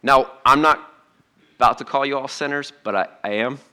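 Bright, animated man preaching. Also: mid-range voice, normal speed, smooth. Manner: conversational and animated, joking asides. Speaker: pastor. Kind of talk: sermon.

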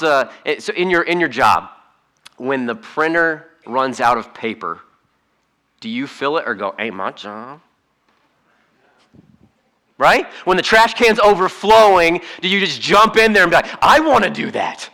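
A man preaching a sermon in a conversational, humorous way, swinging between hushed asides and emphatic points. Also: fairly high pitch, expressive, moderate pace. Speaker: pastor.

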